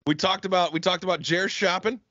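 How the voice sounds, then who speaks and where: A man's voice: high voice, fairly even intonation, fairly quick, sharp tone, no echo, highs cut off. A man co-hosting a comedy podcast over a call, ranting in crude, mock-angry banter. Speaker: podcast co-host. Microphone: remote call mic.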